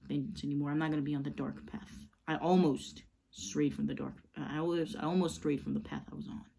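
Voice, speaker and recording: Woman playing grave male vigilante, hushed and low, deep voice, fan retelling. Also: flat delivery, measured pace, gravelly, heavily acted. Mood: solemn. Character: brooding gruff male vigilante hero.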